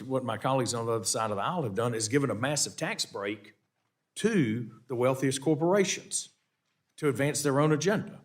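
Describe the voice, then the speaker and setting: A man with a Southern American accent questioning witnesses at a committee hearing, halting and repeating words as he presses his points. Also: mid-range voice.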